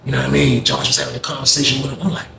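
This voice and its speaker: A man casually telling a story in a slangy, animated way, recorded in an echoey room. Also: mid-range voice, rapid-fire, gravelly, slight background noise.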